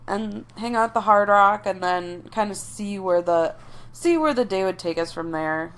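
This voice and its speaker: A woman's voice: medium pitch, normal speed. A young woman co-hosting a podcast, telling a travel story in casual chat, with many "like" fillers. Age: young adult. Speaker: podcast co-host.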